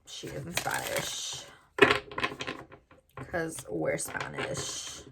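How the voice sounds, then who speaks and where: A woman's voice: low voice, wildly swooping pitch, drawn-out words, gravelly, heavy background noise. A woman giving a casual tarot reading to viewers, chatty and full of "like" fillers. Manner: chatty, lots of "like" fillers, addresses viewers directly. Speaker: tarot reader.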